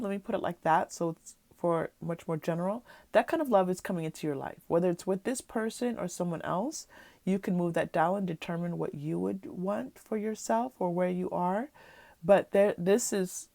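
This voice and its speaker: A woman with a stuffy, nasal voice from a cold, giving a gentle, reassuring pick-a-card tarot reading. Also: on the low side, vocal fry, no room sound. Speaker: tarot reader.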